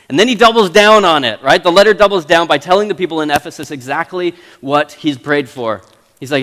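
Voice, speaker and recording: A Canadian man in his thirties delivers a sermon in a chatty, animated way, often restarting his sentences. His voice sits a little high for a man. The sound carries the long reverb of a church hall. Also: brisk. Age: 30s. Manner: animated, conversational preaching with restarts. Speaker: pastor. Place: church sanctuary.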